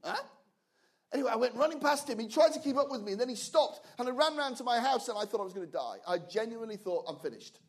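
Older guy preaching a testimony, high voice, gets loud and fired up. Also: lively intonation, quick pace. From England. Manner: storytelling, building to loud fervent shouting. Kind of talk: sermon testimony.

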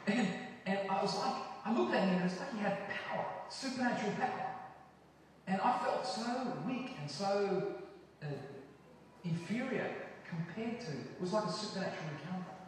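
An Australian man telling a personal story in a filmed interview, earnest and halting with restarts. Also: high voice, a little hiss or hum. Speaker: interview guest. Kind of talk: testimony interview. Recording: video played back in a hall, far off and echoey.

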